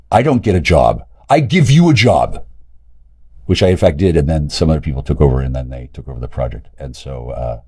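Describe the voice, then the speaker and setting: A man in a rambling, profane monologue, agitated and jumping between loud outbursts and low mutters. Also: slightly rough. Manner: profane, agitated, rapid loud and quiet swings. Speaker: streamer talking to camera.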